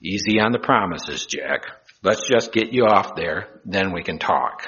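A man voicing God as a calm, unhurried male voice. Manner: slow, calm and deep. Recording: dull lo-fi recording.

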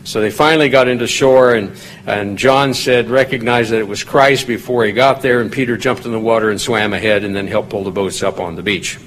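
A man's voice: lowish voice, steady tone, brisk, a bit bright, slight background noise, low-quality recording. A man giving a conversational Bible study, explaining scripture in plain talk and lifting his voice when he reads quoted lines aloud. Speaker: Bible teacher.

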